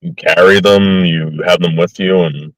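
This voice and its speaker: A man from the United States chatting casually on a live stream, halting and repeating words as he talks. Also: low-pitched, fairly even intonation, fairly bright tone, no room sound, poor audio.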